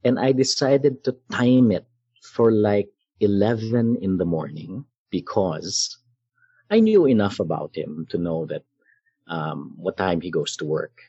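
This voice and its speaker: Slow, husky man telling a dramatic story. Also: sits low, expressive, no echo, highs cut off. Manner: measured, dramatic retelling with pauses and soft laughs. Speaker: guest storyteller. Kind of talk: personal storytelling in conversation.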